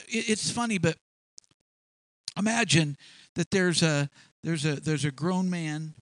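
A man's voice: high-pitched, a bit bright, no echo. A man preaching a sermon in a folksy, repetitive way, stumbling over words and acting out little scenes. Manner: folksy, repetitive, acts out voices for illustration.

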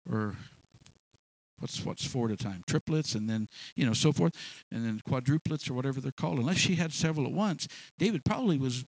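A male preacher giving a sermon, retelling a story in an animated way with many restarts and repeated words. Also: mid-range voice, a little fast, dry recording.

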